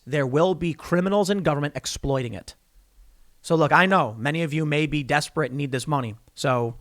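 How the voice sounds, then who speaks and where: A man's voice: on the high side, no room sound, studio quality. A man hosting a solo political commentary show, arguing his point with examples and often restarting his sentences. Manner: animated, repeats himself, argues by example.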